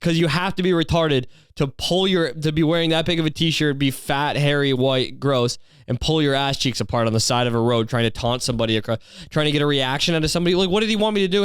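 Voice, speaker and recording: Profane, rambling man with a smooth voice. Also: fairly high pitch, fairly even intonation, fast talker, no echo, studio quality. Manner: rambling, profane, incredulous storytelling. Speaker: podcast host. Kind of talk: solo podcast monologue.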